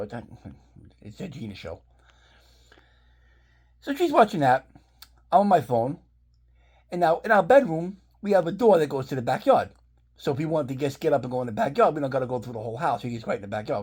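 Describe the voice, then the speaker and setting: A vlogger rambles through a casual storytime, swearing often during his animated retelling of events. His medium-pitched, slightly rough voice moves fast, broken by long pauses.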